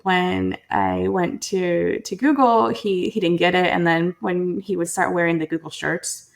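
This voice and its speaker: Young woman guest on a podcast, low-ish gravelly voice, earnest, lots of restarts. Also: a little slow. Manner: earnest, frequent restarts and "like", quoting family in lively voices. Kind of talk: candid interview storytelling.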